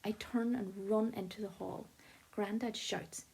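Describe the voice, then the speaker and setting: Mellow-voiced woman narrating an audiobook. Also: mid-range voice, measured pace, creaky, breathy edge. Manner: lively, expressive first-person telling. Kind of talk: first-person audiobook narration.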